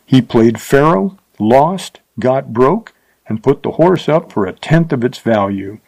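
A man voicing a bold young Texan horseman who talks in a mocking, brisk way. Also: mid-range voice, animated, creaky, a little mellow, low-quality recording. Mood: indignant.

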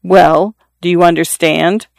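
A dying father in his forties, pressing his grown son with urgent, repeated instructions, as a reader acts him out. The voice is smooth and resonant, heard dry and close to the mic. An audiobook reading with a plain, everyday delivery. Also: mid-range voice, steady tone, a little slow, no echo. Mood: confiding. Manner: confiding, insistent, repeating himself. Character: dying middle-aged father, earnest and pleading.

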